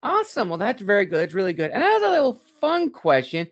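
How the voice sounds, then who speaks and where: A man's voice: high-pitched, wildly swooping pitch, quick pace, lo-fi sound. A man hosting a narrator interview podcast, asking long, rambling questions. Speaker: podcast host.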